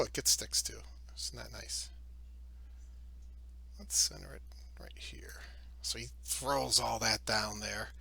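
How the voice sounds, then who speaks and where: Man, game master, bright tone, loose chatty narration, tabletop game. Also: fairly low pitch.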